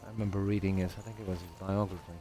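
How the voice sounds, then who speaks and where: Low-voiced Irish Midlands man, rambling. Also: rapid-fire, faint music behind. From Ireland. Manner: relaxed, rambling, self-deprecating. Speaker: game streamer. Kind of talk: casual chat with stream viewers.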